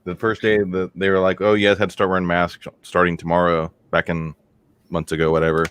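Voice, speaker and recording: A man's voice: sits low, monotone, brisk, a bit bright, smooth. A man co-hosting a casual podcast, telling long, crude, rambling stories and laughing at his own jokes. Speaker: podcast co-host.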